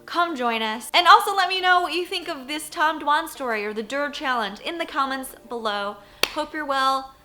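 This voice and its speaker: A woman in her thirties tells a vlog story in a high, bright voice. She is animated, fills her sentences with "like", and acts out her own reactions. Faint music plays behind her. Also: moderate pace, few pauses. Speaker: poker journalist and vlogger.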